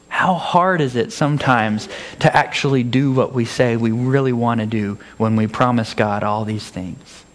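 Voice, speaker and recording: A man's voice: medium pitch, unhurried, long pauses. A man preaching a conversational sermon, acting out his own exchanges with God and laughing at his own stories. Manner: acts out dialogues with God in changed voices.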